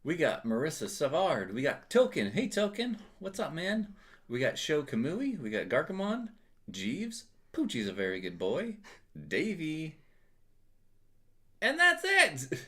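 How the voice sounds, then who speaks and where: A man's voice: on the high side, big pitch swings. Teasing man with a swooping voice. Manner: teasing, laughing, quick asides. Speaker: co-host of a gaming livestream. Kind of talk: casual livestream chat.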